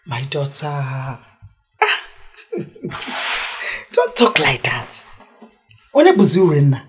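A Nigerian woman playing a domineering, scheming mother who pushes her son to remarry, speaking loudly and emphatically. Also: low voice, sing-song, takes it slowly, heavily acted. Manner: loud, emphatic, cajoling. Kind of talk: Nollywood film acting.

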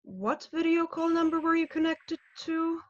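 An actress playing a flustered, polite telephone operator who talks in a hesitant, stammering, formal way. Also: female voice, extremely high pitch, steady tone, normal speed, darkish tone, lo-fi sound.

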